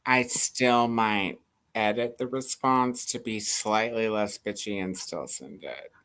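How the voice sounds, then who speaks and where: A woman's voice: extremely low pitch, slow pace, a bit bright, smooth. A woman in casual chat, dry and laid-back, swearing now and then.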